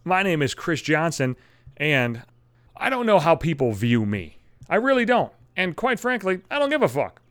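A man's voice: fairly high pitch, sing-song, moderate pace, a bit bright, no echo. A man in a profane, exasperated comedic monologue rant, swearing constantly. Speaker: comedic ranter.

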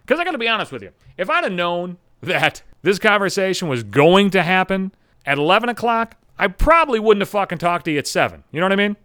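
A man's voice: sits high, big pitch swings, fast talker, pushed and bright, clean tone, no echo, studio quality. A young adult man hosting a podcast, telling a rambling, swear-filled story in an exasperated way. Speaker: podcast host. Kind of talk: profane storytelling monologue.

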